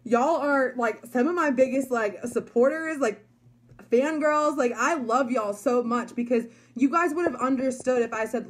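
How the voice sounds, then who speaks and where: Chatty young woman, higher voice. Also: moderate pace. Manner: chatty, emphatic, many likes and you guys. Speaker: network marketer. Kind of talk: motivational talk to followers.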